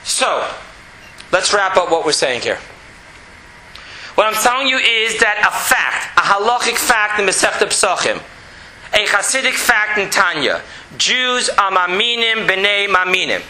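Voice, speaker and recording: A middle-aged man teaching a spoken Torah class, animated and repetitive, sometimes dropping to a quiet, even monotone. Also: high-pitched, measured pace. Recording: roomy echo with faint background noise.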